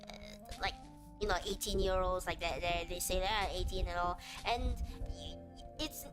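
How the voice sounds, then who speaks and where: A young woman streamer talking straight to her chat in an earnest, animated way, often restarting her sentences and leaning on fillers. Clear game music plays under her voice throughout. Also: on the low side, moderate pace. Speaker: VTuber streamer. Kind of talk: casual chat on a livestream. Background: background music.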